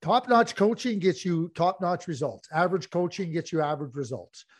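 A man's voice: high-pitched, normal speed. A man hosting a sports talk show, blunt and emphatic, repeating himself for effect. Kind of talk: heated hockey talk.

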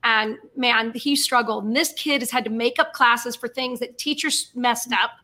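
A woman's voice: a little high, steady tone, normal speed, pushed and bright. A middle-aged woman co-host chatting proudly in a casual podcast conversation. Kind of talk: casual faith podcast chat.

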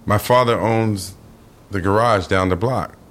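A man, an actor and podcast guest, telling an animated story full of swearing and acted-out voices. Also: lowish voice, unhurried, a little hiss or hum. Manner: vivid, profane, acts out the characters.

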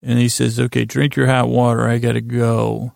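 A man hosting a sleep podcast, recapping a story in a rambling, halting way with many fillers. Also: medium pitch, monotone, vocal fry, a little mellow, dry recording, studio quality. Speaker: podcast host.

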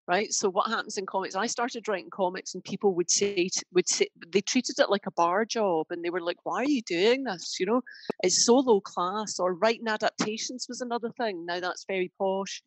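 A woman's voice: medium pitch, no echo, low-quality recording. A Scottish woman, a crime writer, chatting on a podcast in a wry, laughing way. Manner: wry, laughing, animated storytelling. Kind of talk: casual podcast chat.

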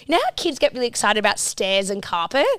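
A woman, a podcast co-host telling stories in a casual, sweary, animated way and acting out the voices of the people in them. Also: medium pitch, quick pace, clean tone, dry recording. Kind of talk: casual storytelling chat.

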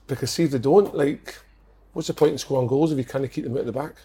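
A Scottish man in a casual chat, talking earnestly with halting restarts. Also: mid-range voice, warm tone, slightly rough.

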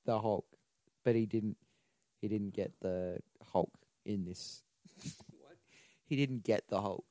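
Low-voiced sweary podcast guy. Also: slow, warm tone, no echo. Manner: sweary, joking, rambling. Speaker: podcast co-host. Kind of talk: casual chat.

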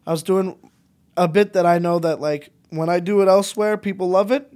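A comedian from Montreal chatting as a podcast guest, telling animated, rambling stories with lots of restarts. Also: male voice, sits high, fairly quick. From Montreal, Canada. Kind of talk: casual podcast chat.

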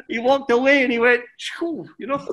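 Rambling former footballer telling stories. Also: male voice, very high voice, pushed and bright. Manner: rambling, with many restarts and "mate". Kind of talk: relaxed anecdotal storytelling.

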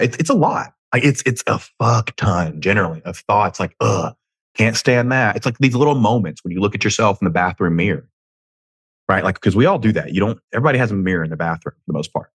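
Deep husky-voiced man with a Southern twang. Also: animated, a little fast, dry recording. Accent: Southern American twang. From United States. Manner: rambling, profane and self-joking, with frequent tangents. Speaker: podcast host. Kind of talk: casual solo podcast monologue. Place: home room.

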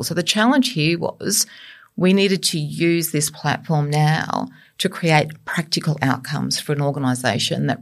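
A woman guest on a podcast panel, describing her work in a halting way and repeating words as she lists points. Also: sits low, gravelly.

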